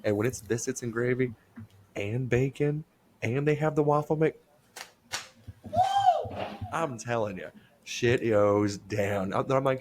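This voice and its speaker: A man's voice: mid-range voice, unhurried, long pauses, darkish tone, a little hiss or hum. A man co-hosting a podcast, telling crude stories and laughing as he goes. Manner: crude storyteller, laughing through his stories. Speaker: podcast co-host. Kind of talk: casual chat.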